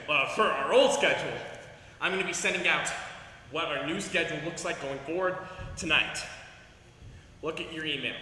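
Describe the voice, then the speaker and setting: High, bright-voiced martial arts instructor man. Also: a little hiss or hum. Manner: upbeat coaching, gives commands and counts. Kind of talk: leading an online kicking class. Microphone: video call. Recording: echoey hall sound from off-mic.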